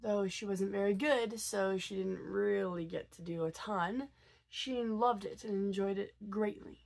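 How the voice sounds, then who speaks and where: A woman's voice: medium pitch, a little slow, vocal fry, a little mellow. Sick woman vlogger telling a story. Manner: chatty, hesitant, many fillers and restarts. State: sick, tired. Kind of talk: casual vlog storytelling.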